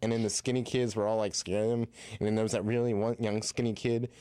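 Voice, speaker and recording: A man's voice: fairly low pitch, little pitch movement, fast, dark tone, clear, resonant tone, no echo. A man co-hosting a college radio film show in the studio, chatting casually and rambling with lots of fillers. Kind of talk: casual chat.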